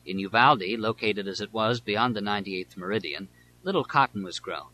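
Low, forceful male audiobook narrator. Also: a little hiss or hum, poor audio. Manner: measured, deliberate reading. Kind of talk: scripted nonfiction narration.

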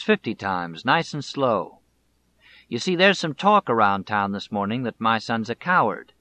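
A man's voice: on the low side, sharp tone, highs cut off. A man reading aloud the lines of a stern, harsh middle-aged rural father, in a firm, commanding way.

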